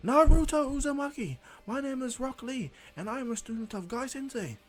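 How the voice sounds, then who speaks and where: A man voicing an earnest young male ninja in a much higher voice, with hesitant, stumbling eagerness. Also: expressive, a little fast, faint music behind. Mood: proud. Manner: high-pitched and hesitant, stumbling with eager fillers.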